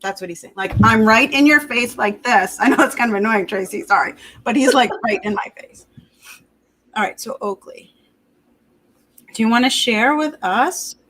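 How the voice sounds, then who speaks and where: Higher-voiced lady on a livestream, chatty, talks to pets and laughs at herself. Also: normal speed, long pauses, fairly bright tone, rough recording. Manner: chatty, laughing, self-conscious. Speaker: pet communicator. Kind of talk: livestream talk.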